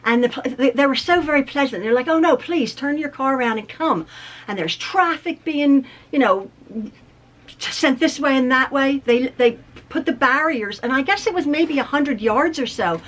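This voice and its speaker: A middle-aged woman speaks straight to her viewers in a casual vlog. Her voice sits a little high, and she circles back on her words with ums and small laughs as she tells a personal story. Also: animated, normal speed, a bit bright. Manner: chatty, laughs at herself, many ums and restarts. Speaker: quilting vlogger.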